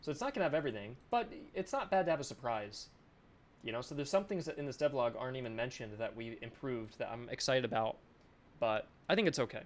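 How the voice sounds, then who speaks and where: A man's voice: medium pitch, lively intonation, fast talker. Chatty, self-mocking male game developer. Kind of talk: casual live-stream commentary. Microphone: desk microphone.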